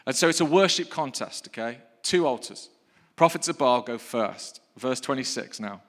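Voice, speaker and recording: A male preacher reading scripture and preaching in a lively, playful way that builds to rousing calls of praise, recorded in a church hall. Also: mid-range voice, normal speed. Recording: long hall reverb.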